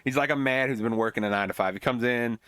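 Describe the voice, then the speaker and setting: Man host, rambling movie recap, mid-pitched, dry close mic. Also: fast, a bit bright, clear, resonant tone, no room sound. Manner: rambling, many fillers and restarts. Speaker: podcast host.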